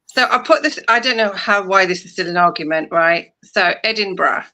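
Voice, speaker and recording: A woman's voice: medium pitch, moderate pace, pushed and bright. A woman chatting as co-host on a livestream, joking and lightly exasperated. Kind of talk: casual livestream chat.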